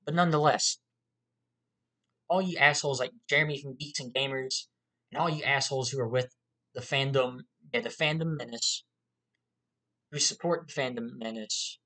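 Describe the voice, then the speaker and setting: A young-sounding man with a drawl delivers an angry, profanity-heavy rant straight to camera. He circles back to the same complaints over and over. His voice sits at an ordinary middle pitch. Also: moderate pace, pauses often, sharp tone. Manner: profane, heated, repetitive. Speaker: YouTuber.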